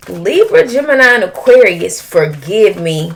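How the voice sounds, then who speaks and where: Woman, tarot reading, slow unhurried delivery, emotional outbursts. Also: lowish voice, slight background noise. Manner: emotional, exclamatory, drawn-out outbursts. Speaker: tarot reader.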